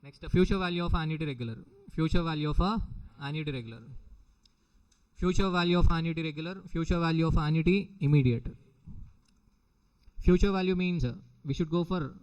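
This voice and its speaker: Indian man lecturing, higher-pitched voice. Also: a little fast, a little mellow, smooth, muffled recording. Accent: Indian English. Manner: repetitive, questioning the students often. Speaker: teacher. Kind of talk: recorded exam-prep lecture.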